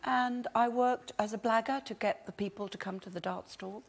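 A woman's voice: a little high, steady tone, moderate pace. A woman with a playful, giggly manner, telling a story as a talk show guest. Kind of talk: chat show anecdote.

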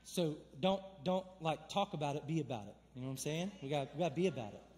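A man's voice: on the high side, animated, fast talker, a little mellow, in a large hall. A young man preaching a sermon in a church, conversational and emphatic, building to fervent calls. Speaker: pastor. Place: church sanctuary.

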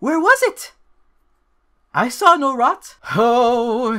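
A young man giving crude, excitable commentary while playing a video game, swinging from mutters to yells. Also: very high voice, very slow, pauses often. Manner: crude joking. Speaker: gaming YouTuber. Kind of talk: Let's Play commentary.

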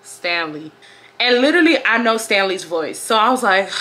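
A woman in her twenties from Houston telling a storytime to her viewers in a casual, animated way, acting out the other people in her story. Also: a little high, moderate pace. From Houston, Texas. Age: 20s. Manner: animated, acts out quotes with big laughing outbursts. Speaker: vlogger.

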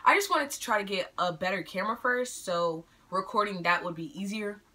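Brisk, bright and forceful, her medium-pitched voice carries this eighteen-year-old's casual Q&A vlog from home. She's bubbly and talkative, teases herself playfully, and addresses the audience as "y'all."

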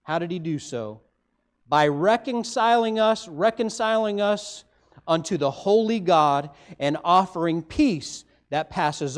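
A man with a Midwestern American accent, preaching a sermon as pastor, rising emphatically for stress and dropping low at the ends of phrases.

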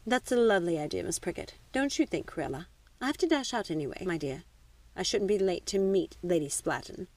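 A woman's voice: on the low side, animated, fairly quick, darkish tone, no room sound. A woman voicing a haughty, dismissive aristocratic mother with a clipped, imperious manner.

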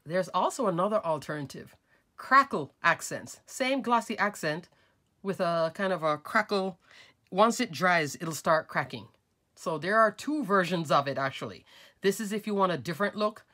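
A woman's voice: on the low side, animated, moderate pace, bright, forceful tone. A woman hosting a craft tutorial, talking casually and instructively while she works step by step with her hands. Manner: chatty, instructive, talks while working with hands.

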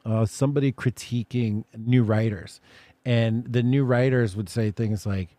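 A man's voice: mid-range voice, fairly even intonation, a little slow, warm tone, no room sound. A man hosting an interview, talking at length in a reflective way. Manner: reflective, talks through ideas at length. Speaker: podcast host. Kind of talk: conversational interview.

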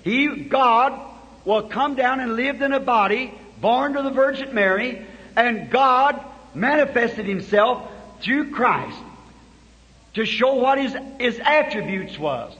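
A man preaching a sermon, building from plain telling to shouted climaxes, recorded on a dull old tape. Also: very high voice, long reverb tail. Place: church hall.

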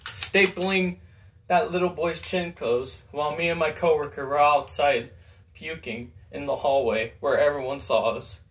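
A teenage man performing a comic monologue as a student actor, telling a story with sudden loud outbursts. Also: on the high side, fairly even intonation, a little slow, slight background noise. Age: teens.

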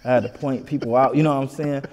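A man from Michigan, a comedian guest, telling a story in an animated, casual way in an interview. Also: medium pitch, quick pace, big-room sound, lo-fi sound. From Detroit, Michigan. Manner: animated, keeps saying "you know what I'm saying".

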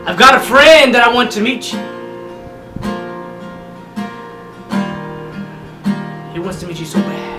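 A man's voice: extremely high pitch, lively intonation, quick pace, pitched above the performer's own voice. A man voicing an overzealous religious young man who preaches and bursts into gospel-style singing. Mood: preachy. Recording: echoey room, far mic, guitar music.

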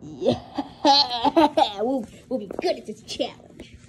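A woman's voice: a little high, slow. A young woman narrating a homemade toy story and doing all the character voices in a playful, giggly way. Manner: giggly, switches between silly character voices. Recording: noisy home recording.

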